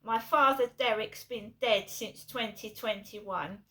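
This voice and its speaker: Woman vlogger, middle-aged, from England, rambling, fillers and restarts, bright voice, somewhat high. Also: slow. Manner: rambling, repeats herself, many fillers and restarts. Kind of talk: rambling personal storytelling.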